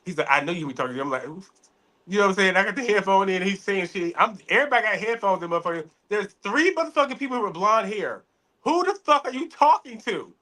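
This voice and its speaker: A man chatting casually as a podcast co-host, telling animated stories full of cursing. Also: high-pitched, fast. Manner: animated storytelling, heavy cursing. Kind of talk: casual chat.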